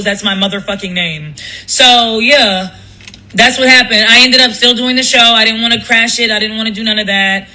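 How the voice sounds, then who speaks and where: A woman's voice: on the high side, pushed and bright, rough recording. A woman talks straight to her viewers on a casual livestream, fed up and emphatic. She swears freely and keeps circling back and restarting her sentences. It should sound loose and spoken on the spot, not scripted. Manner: profane, emphatic storytelling with many restarts. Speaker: radio host and live streamer.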